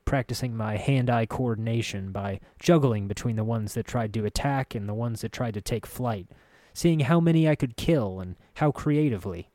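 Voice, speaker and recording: A man narrating a dark first-person fantasy story in a measured, vivid way. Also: mid-range voice, no room sound, studio quality.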